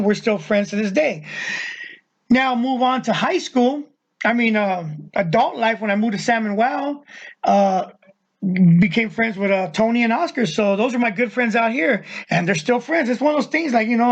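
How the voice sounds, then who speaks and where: A middle-aged man hosting his own show, answering viewer questions in a rambling, plain-spoken casual chat full of fillers. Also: very high voice. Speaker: vlog host and youth wrestling coach. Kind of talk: casual solo Q&A. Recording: slightly dull lo-fi sound.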